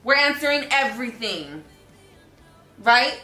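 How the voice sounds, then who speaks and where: A woman's voice: on the high side, animated, measured pace, sharp tone, faint music behind. A young woman co-hosting a casual couple vlog, giggly and teasing as she chats. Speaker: vlog co-host. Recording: echoey room.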